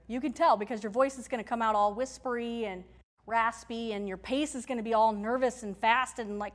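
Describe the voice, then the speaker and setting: Woman workshop presenter, slightly high voice, chatty, emphatic, speaking into a mic before a room. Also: a little fast. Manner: conversational, emphatic, checks in with the audience. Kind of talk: live technical-community workshop talk. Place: meetup room with audience. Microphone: handheld or stage mic.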